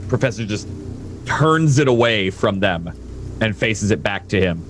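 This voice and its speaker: A man playing a tabletop game, asking quick, hesitant questions about the scene. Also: fairly low pitch, expressive, fairly bright tone, a little hiss or hum. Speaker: player. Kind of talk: casual tabletop game play.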